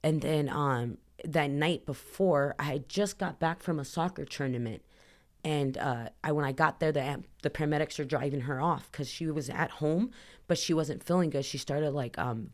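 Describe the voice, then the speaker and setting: A woman's voice: low-pitched, normal speed. A woman from Southern California, a podcast guest telling a personal story in a rambling, earnest way, full of "like" fillers. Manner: rambling, heavy use of "like"; earnest, emotional retelling.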